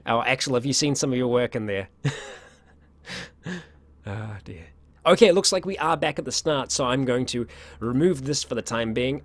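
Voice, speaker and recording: A man's voice: medium pitch, dry recording. A man hosting a casual livestream Q&A, chatty and upbeat, often laughing and restarting his sentences, his voice getting worn. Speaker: livestream host.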